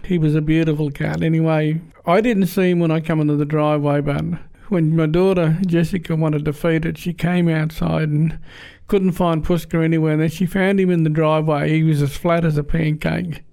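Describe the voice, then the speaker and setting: A man's voice: on the high side, little pitch movement, brisk, gravelly, mellow. A middle-aged man telling a homely family story in a casual, rambling way, often restarting his sentences. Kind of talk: casual spoken anecdote.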